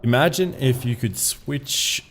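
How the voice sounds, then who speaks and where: A man streams a game and chats casually, rambling, swearing, and laughing at himself as he goes. His voice is mid-range and his pace measured, with slight background noise.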